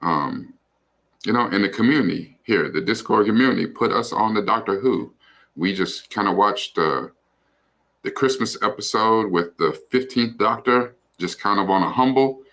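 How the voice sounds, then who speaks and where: A man with a fairly low, fairly bright voice speaks at a moderate pace. Co-hosting a livestream, he chats casually in a loose, rambling way, full of fillers and the occasional swear word.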